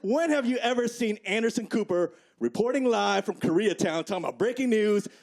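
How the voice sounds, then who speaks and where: A man's voice: high voice, lively intonation, brisk, darkish tone. A man in his forties from the Midwest doing a stand-up set, chatty and conversational, tagging lines with "right?" and "okay?". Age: 40s. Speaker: stand-up comedian. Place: comedy club stage. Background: audience laughter.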